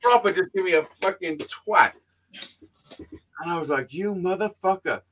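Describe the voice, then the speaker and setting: A man telling a sweary, animated story in casual chat. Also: high-pitched, normal speed, slight background noise. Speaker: podcast host.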